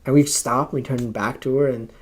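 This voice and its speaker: A young man, a missionary, telling a story casually and haltingly, with many fillers and restarts. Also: mid-range voice, fairly even intonation, husky.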